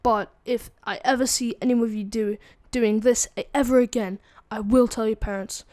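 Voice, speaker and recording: Scolding female school principal, sharp and stern, pitched up high, as a young man puts her on. Dry, close sound. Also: steady tone, normal speed, no echo. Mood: relenting.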